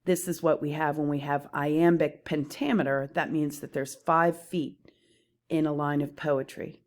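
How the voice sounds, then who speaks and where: A woman with a low voice teaches poetry terms from her slides. She speaks slowly and deliberately, pausing as she explains each term. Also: steady tone, darkish tone.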